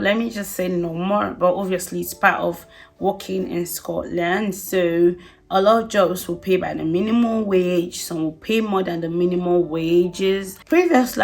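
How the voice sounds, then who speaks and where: A woman giving casual advice to viewers, chatty and emphatic, often repeating herself and laughing. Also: fairly low pitch. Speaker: vlogger.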